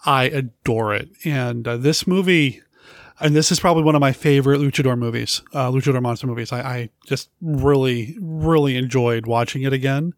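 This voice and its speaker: Unhurried, enthusiastic man in casual chat. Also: mid-range voice, dry recording, clean studio sound. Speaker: podcast co-host.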